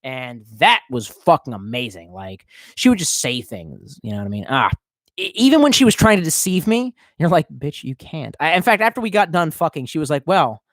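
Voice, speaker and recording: A man's voice: fairly high pitch, sing-song, fairly quick, fairly bright tone, no room sound. A tipsy man streaming live, reading out chat and rambling in a profane, off-the-cuff way. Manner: profane, rambling, swerving between mumbles and outbursts.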